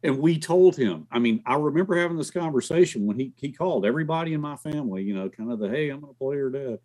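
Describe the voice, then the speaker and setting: A man's voice: on the high side, fast talker. A man, a guest on a podcast, chatting casually and telling stories about acting and accents. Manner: animated, jumps in, mimics voices in anecdotes. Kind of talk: casual chat, storytelling.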